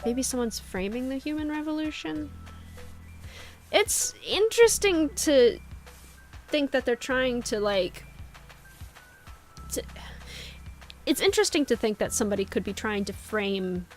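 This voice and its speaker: A woman's voice: high voice, animated, measured pace, long pauses, soft background music. A young woman giving rambling, chatty commentary while playing a game. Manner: chatty, rambling, many fillers. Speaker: game streamer. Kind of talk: let's play commentary.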